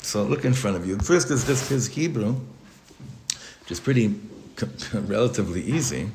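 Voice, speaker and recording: A rabbi teaches his congregation an informal Torah class in a synagogue study hall, speaking animatedly at a moderate pace in a fairly low, slightly mellow voice. The room is echoey with slight background noise, and his talk is conversational, with restarts, jokes and many Hebrew and Yiddish words.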